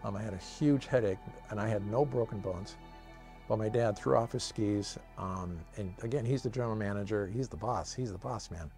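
A middle-aged man with a low, gravelly voice tells his own story from memory. He speaks earnestly and reflectively, often pausing to restart a thought, with soft music playing quietly underneath. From Washington State, USA. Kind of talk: personal testimony told from memory. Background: soft cinematic music.

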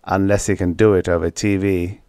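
A man's voice: deep voice, level tone, fairly quick, darkish tone, clean tone, dry recording. A man reading an audiobook, voicing a sarcastic, jealous young man with dry, cutting lines. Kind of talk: audiobook character voice.

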